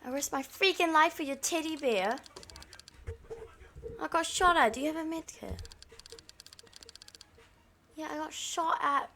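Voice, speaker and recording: A woman's voice: sits high, a little slow, pauses often, pushed and bright, slight background noise. A woman hosting a gaming channel, giving playful, dramatic let's-play commentary while role-playing, dropping to whispers and bursting into panicked screams.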